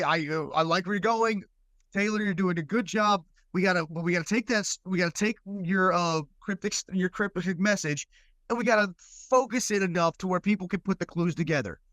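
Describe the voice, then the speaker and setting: A man's voice: high voice, a bit bright, no echo. A man co-hosting a podcast, talking casually in a rambling, hesitant way with frequent restarts. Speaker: podcast co-host. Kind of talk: casual discussion.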